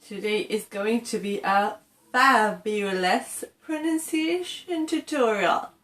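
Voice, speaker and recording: A woman's voice: mid-range voice, slow pace, fairly bright tone, reverberant. A woman from England teaching English pronunciation in an encouraging tutorial, often checking in with "okay" and demonstrating sounds.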